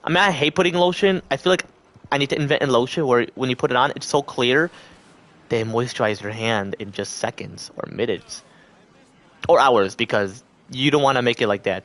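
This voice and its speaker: In a medium-pitched, fairly bright voice, a male livestreamer rambles casually to his viewers. His talk wanders loosely from thought to thought, and he acts out what other people say along the way.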